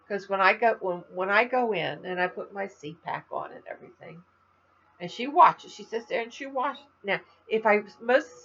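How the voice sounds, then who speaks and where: Chatting loosely with her viewers, this older crafting vlogger from Florida sounds weary and a touch congested, drifting off mid-thought with fillers. Her voice is on the low side, gravelly yet a bit bright, heard through dull audio with slight background noise.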